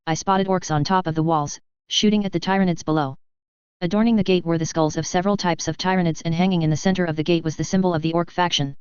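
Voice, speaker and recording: A woman narrating a first-person fan fiction story in a steady, plain manner. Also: fairly low pitch, fast talker, smooth, no echo, dull audio.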